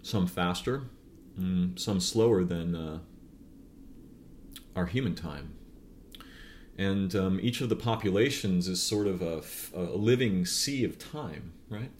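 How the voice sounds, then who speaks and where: A man's voice: low-pitched, slow pace, long pauses, darkish tone, slight background noise. A man speaking in a musing, digressive improvised monologue, full of fillers and tag questions like "right?" and "yeah?". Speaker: philosophical speaker. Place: outdoors or near a neighbor's noisy machine.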